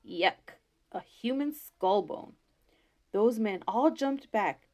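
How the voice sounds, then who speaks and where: Unhurried woman telling a folktale. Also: mid-range voice. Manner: unhurried, homey and expressive. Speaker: storyteller. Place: school library.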